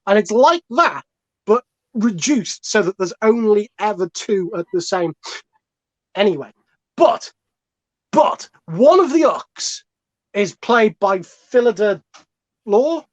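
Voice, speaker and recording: A comedian panelist on a comic podcast argues his case with lots of swearing, rambling and digressing as he goes. His voice sits high, and the recording is dull, lo-fi and dry with no echo.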